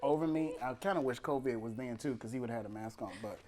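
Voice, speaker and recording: Animated, laughing male storyteller. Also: mid-range voice, fast. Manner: animated, laughing storyteller who acts out voices. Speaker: podcast co-host. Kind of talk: casual storytelling chat.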